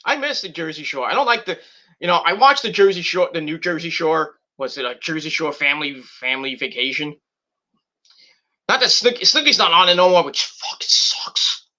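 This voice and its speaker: A rambling, profane man in his thirties hosting a casual podcast chat. His voice is very bright and his pitch swings all over the place, climbing a little high for a man. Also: lively intonation, brisk. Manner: rambling, profane, restarts often, shouts in bursts. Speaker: podcast host.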